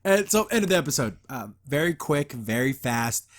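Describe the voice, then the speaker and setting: A man's voice: medium pitch, very animated, moderate pace. A man hosting a podcast, giving a casual, rambling episode review full of enthusiasm and frequent laughs. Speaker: podcast host.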